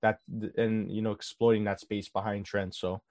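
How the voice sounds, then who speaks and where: Guy breaking down a football match, casual and animated, lots of uhs, lowish voice. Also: moderate pace, no room sound, studio quality. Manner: animated, filler-heavy analysis. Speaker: co-host.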